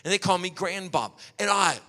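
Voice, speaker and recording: A man preaching a sermon, telling animated stories and acting out quotes. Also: high-pitched, normal speed. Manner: storytelling, animated, acts out quotes. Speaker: pastor. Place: church hall. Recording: long hall reverb.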